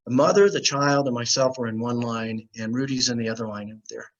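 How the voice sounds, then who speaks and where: A man's voice: mid-range voice, fairly quick, dull audio. A man, a guest on an interview show, telling a story casually and acting out the other people in it. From United States. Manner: animated anecdote teller, acts out quoted voices.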